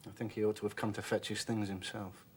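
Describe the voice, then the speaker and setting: An actor playing a naive young gentleman who talks in an earnest, well-mannered and awkwardly polite way. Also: on the low side, level tone, quick pace, slight background noise, natural voice. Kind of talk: 1990s television drama acting.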